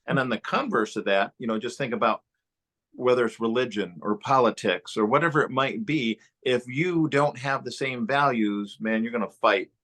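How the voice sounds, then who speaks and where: A man explains ideas in a steady coaching tone during a relaxed talk. His voice sits at an ordinary middle pitch. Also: normal speed. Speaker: co-host, practice coach. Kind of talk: casual instructional talk.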